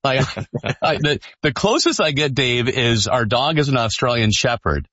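A man's voice: mid-range voice, expressive, unhurried, bright, forceful tone, no echo. A middle-aged man, a former party leader, joking and self-deprecating as a panel guest. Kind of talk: casual panel chat. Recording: dull, dry studio sound.

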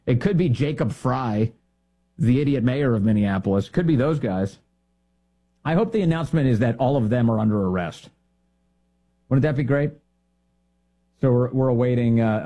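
A man's voice: medium pitch, normal speed, mellow. A middle-aged man hosting a live political commentary show, combative and mocking, calling opponents names.

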